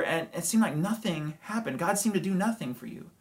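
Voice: mid-range voice, very animated, brisk, hardly any pauses. Conversational pastor preaching a sermon. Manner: conversational preaching with hedges, rhetorical questions and chuckles.

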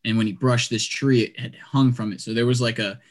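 This young podcaster has a mid-range voice and talks fairly quickly. He spins a long, casual tale in a chatty, animated way, with "like" and "dude" popping up constantly.

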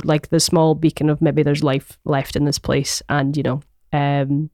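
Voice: mid-range voice, no echo, clean studio sound. A Glaswegian songwriter from Scotland, chatting as a podcast guest in a rambling, hesitant way with many ums and laughs. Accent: Glaswegian Scottish. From Glasgow, Scotland. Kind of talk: casual podcast chat. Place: podcast recording.

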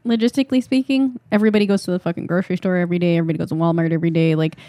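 Woman, quick talker, casual podcast co-host, dry close sound, faint music. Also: lowish voice, fairly even intonation, dark tone, dry recording. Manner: quick, agreeable backchannel, blunt asides. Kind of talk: casual chat.

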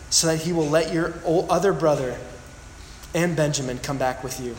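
A man's voice: on the high side, moderate pace, slight background noise. A man preaching a sermon, reading scripture dramatically with emphatic asides. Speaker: pastor. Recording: echoey hall with long reverb.

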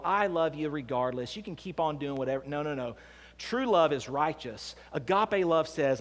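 A man preaching a sermon as pastor, swinging between hushed and emphatic delivery. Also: on the high side, expressive, normal speed. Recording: long hall reverb.

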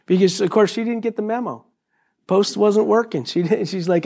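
A middle-aged man preaching a sermon to a congregation, animated and joking, acting out quotes in high voices. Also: moderate pace, creaky. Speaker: pastor.

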